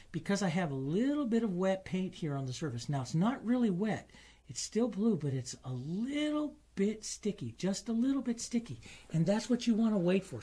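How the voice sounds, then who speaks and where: A middle-aged man giving a gentle, enthusiastic painting demonstration, often calling the work beautiful while showing each stroke. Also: fairly high pitch, breathy edge. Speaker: painting instructor.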